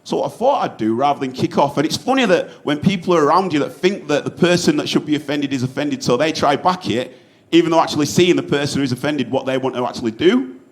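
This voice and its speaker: A man's voice: a little high, lively intonation, fast. A man with a Yorkshire accent doing a stand-up set, telling stories in an earnest, casual way with some swearing. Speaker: stand-up comedian.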